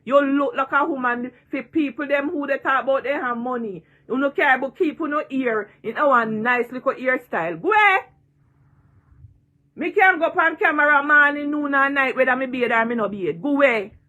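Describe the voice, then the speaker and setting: A woman's voice: high voice, fairly quick, few pauses, pushed and bright. A woman in her sixties with a Jamaican accent, ranting and taunting in a vlog, repeating her jeers and cursing freely. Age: 60s. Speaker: online personality.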